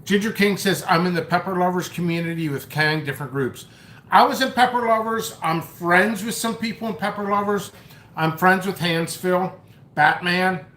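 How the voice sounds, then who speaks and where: High-voiced and a bit bright, the man talks at a moderate pace in a roomy-sounding room. He's at home having noodles during a live stream, loosely chatting through comments and a story, often mocking and starting his sentences over.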